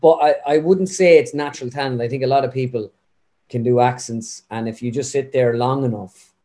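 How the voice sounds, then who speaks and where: Medium-pitched and a little fast, a young man with an Irish Midlands accent chats as an impressionist guest in a casual interview. He's animated, talkative and rambling.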